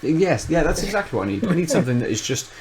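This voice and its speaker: A man's voice: on the high side, sing-song, very fast, darkish tone, slight background noise, poor audio. A man, co-host of a podcast, in casual chat, rambling and thinking aloud with many restarts.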